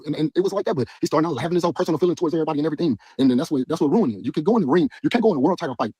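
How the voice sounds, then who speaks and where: A man, a boxer in an interview, venting about his coach in a heated, rapid way. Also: a little high, animated, mellow, slightly rough, no echo. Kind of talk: interview clip.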